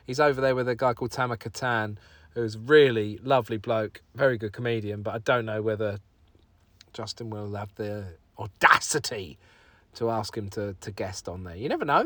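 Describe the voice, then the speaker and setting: A man's voice: lowish voice, normal speed, fairly bright tone, dry recording. Rambling man hosting solo. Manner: rambling, self-deprecating, sweary. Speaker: podcast host. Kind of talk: casual solo podcast chat.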